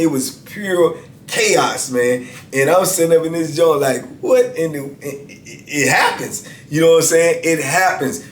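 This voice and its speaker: A man in his fifties casually telling stories as a channel host, laid-back and peppering his talk with "man" and "you know what I'm saying.". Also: fairly high pitch. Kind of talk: casual storytelling. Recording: echoey room with faint background hiss.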